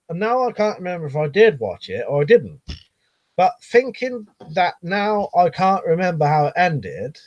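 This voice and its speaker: A man's voice: a little high, a little mellow, lo-fi sound. A middle-aged man chatting casually on a live stream, reading out viewer comments and rambling, swearing freely.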